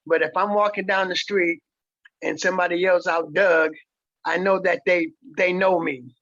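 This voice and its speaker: A man in his sixties from San Francisco, a stage actor interviewed as a guest, telling stories in a slow, relaxed way. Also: high-pitched, no echo, dull audio. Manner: slow, relaxed storytelling with repeated words. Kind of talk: casual interview chat.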